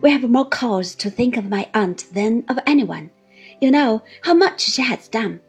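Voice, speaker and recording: A woman voicing a grave young man who speaks quietly and earnestly. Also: fairly high pitch, lively intonation, a little slow, slightly rough, soft background music, full character voice. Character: grave young male narrator-hero.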